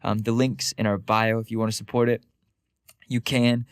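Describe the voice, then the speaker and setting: Male podcast co-host, low voice, chatty animated storyteller, dry sound. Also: clear, resonant tone, no echo. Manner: animated storyteller, quick asides, frequent "like". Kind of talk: casual podcast conversation.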